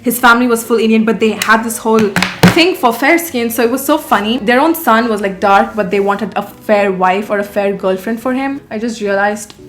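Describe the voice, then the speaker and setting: A young woman talks through her makeup routine in casual storytime mode, blunt and sarcastic with plenty of swearing. Her voice sits slightly high for a woman. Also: normal speed, fairly bright tone. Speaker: beauty vlogger. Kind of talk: casual get-ready-with-me storytime.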